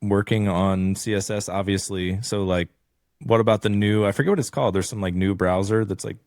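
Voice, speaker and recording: A man with a lowish voice talks in a laid-back podcast chat and fills his sentences with loose fillers and the odd swear word. The sound is close and dry, with no room around it. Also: a little fast, a little mellow, no room sound. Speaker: podcast host.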